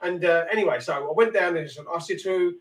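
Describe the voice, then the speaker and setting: A man's voice: sits high, fairly quick. Sweary man telling stories. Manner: swearing, rambling storyteller. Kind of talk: casual chat. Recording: echoey room, mic far off.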